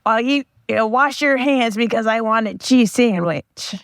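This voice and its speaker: A podcast host imitating a male friend who tells a crude joke, stumbling and halting through it in a higher voice. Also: gravelly, a bit bright, no room sound, clean studio sound. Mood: joke-telling.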